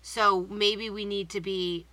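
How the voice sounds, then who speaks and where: A woman co-hosting a podcast, recapping a movie in casual chat, animated and swearing freely. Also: medium pitch, slow, no room sound, poor audio. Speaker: podcast co-host.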